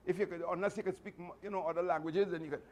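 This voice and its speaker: A man with a Trinidadian accent, telling animated, chatty stories to a martial arts class with laughing asides. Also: high-pitched, racing. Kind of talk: storytelling speech to a class.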